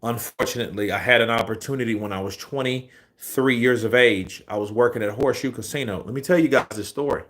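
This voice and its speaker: A man's voice: mid-range voice, fast, few pauses, a bit bright. A man in his forties, a boxing commentary host, telling a rambling, profanity-laced story in a casual way.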